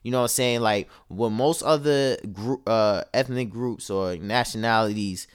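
This man co-hosts a podcast, and his voice is on the low side with a clean tone at a normal pace, though it comes through as phone-like call audio. The chat is casual and easygoing, and he reflects aloud, frequently losing a thread and picking it back up.

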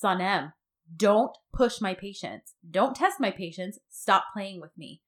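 A woman's voice: mid-range voice, animated, a little slow, close to an everyday voice. A woman quoting a confident male lead from a drama, teasing and needling. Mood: exasperated.

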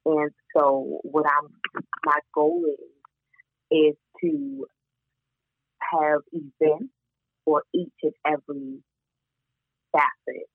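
Woman, Baltimore accent, animated, laughs a lot, dull dry sound. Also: deep voice, very slow, vocal fry, pauses often, slightly rough, no echo. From Baltimore, USA. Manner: animated, emphatic, laughs often. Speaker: podcast guest, founder of a moms' community. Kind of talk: casual chat.

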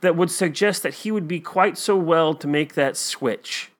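A man chats casually about a TV episode on a talk show, his voice sitting a touch high. He wanders through his points with plenty of fillers and acts out the lines he quotes. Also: unhurried. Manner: rambling storyteller, many fillers, acts out quotes.

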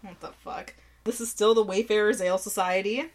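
A woman's voice: medium pitch, fairly even intonation, fairly quick. Young woman podcast cohost, blunt + sarcastic, swears a lot, casual beer chat. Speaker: podcast co-host.

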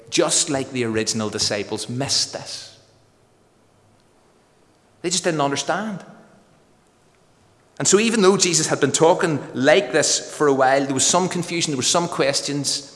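Man, preacher, sermon, emphatic, dramatic slow phrasing, long reverb. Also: medium pitch, fairly bright tone. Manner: emphatic, varied pace with slow dramatic pauses.

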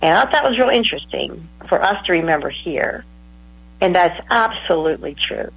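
A woman's voice: lowish voice, animated, moderate pace, poor audio. A woman, a former counselor, casually telling stories from her work and acting out the people in them. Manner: retells conversations, acting out the other voices. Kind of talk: casual storytelling talk.

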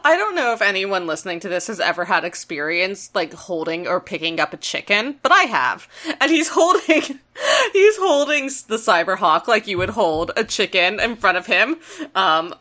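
Bright, animated female podcast co-host. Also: medium pitch, normal speed. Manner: animated, giggly, playful. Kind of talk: casual chat recapping a cartoon.

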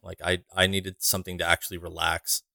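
A man's voice: low-pitched, flat delivery, fairly quick, creaky, bright, forceful tone, no echo, studio quality. A man co-hosting a podcast in casual chat, rambling and wry, swearing now and then. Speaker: podcast co-host.

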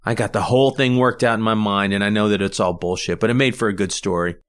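A man's voice: fairly low pitch, fairly even intonation, quick pace. A man hosting a podcast, telling rambling personal anecdotes in a casual solo monologue and often restarting his sentences. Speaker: podcast host.

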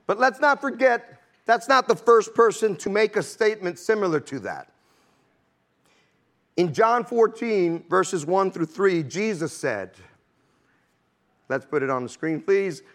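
A man with a high-pitched voice delivers a relaxed, chatty sermon to a congregation. He keeps the crowd engaged by asking "amen?" and "okay?", with a light laugh now and then between points. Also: measured pace, pauses often. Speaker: preacher.

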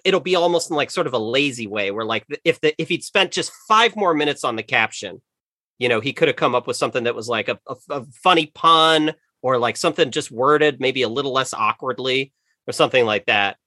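A man's voice: mid-range voice, sharp tone, no echo, studio quality. A man who is a podcast guest, chatting casually and rambling with lots of fillers and restarts.

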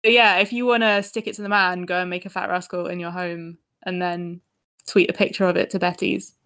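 A woman's voice: lowish voice, little pitch movement, fairly quick, fairly bright tone, smooth. A woman co-hosting a podcast in a chatty, giggly, casual way. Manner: chatty and giggly, laughs often. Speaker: podcast co-host. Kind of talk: casual chat.

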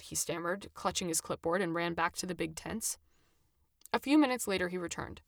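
A woman reading a first-person story aloud with an expressive, animated delivery. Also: on the low side, brisk, no room sound, clean studio sound.

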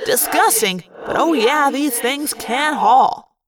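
A woman's voice: high voice, animated, takes it slowly, a crowd in the background, voice pushed up. A woman reading a wisecracking teenage boy. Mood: joking. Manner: joking, sarcastic. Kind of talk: audiobook character reading.

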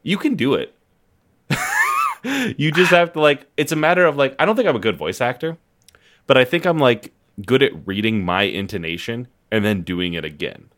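A man's voice: medium pitch, animated, moderate pace, a bit bright. A young man co-hosting a podcast in casual comedic chat, loose and playful, laughing often. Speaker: podcast co-host.

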